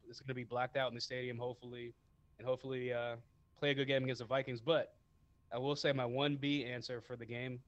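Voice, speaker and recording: A man's voice: medium pitch, level tone, fast talker, dry recording. Man, podcast co-host, easygoing hesitant chat, dull muffled dry recording. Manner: laid-back, hesitant, lots of fillers. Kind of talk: casual sports podcast chat.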